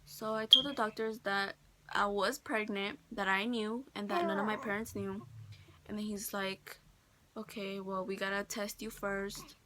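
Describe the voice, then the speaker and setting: A woman's voice: mid-range voice, steady tone, measured pace, background noise. A teenage girl telling a personal story in a casual vlog, chatty and full of "like", quoting others in her own voice. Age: teens. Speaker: vlogger. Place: friend's bedroom.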